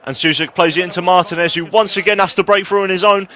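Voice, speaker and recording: Excitable man calling a football game. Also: high voice, fast talker, hardly any pauses. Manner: excitable, rising to shouts on goals, self-mocking asides. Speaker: gaming YouTuber. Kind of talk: play-by-play commentary over a football video game.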